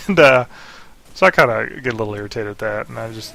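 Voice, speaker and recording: A young man with a voice of ordinary pitch tells a rambling family story over game footage. He laughs often, slips into quick impressions of his relatives, and keeps a loose, chatty flow. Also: expressive, gravelly, fairly bright tone. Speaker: gaming video host. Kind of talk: casual storytelling over gameplay.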